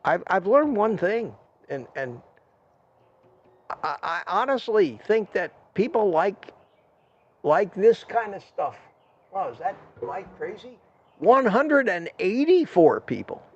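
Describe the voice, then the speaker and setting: An older man holds forth on his own live stream, ranting freely and running himself down while thanking his viewers one by one. His voice sits a little high for a man. The stream audio sounds dull and lo-fi. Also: big pitch swings, takes it slowly, long pauses, slightly rough. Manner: ranting, self-deprecating, thanks viewers by name. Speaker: livestream host. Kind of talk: rambling live-stream rant and chat.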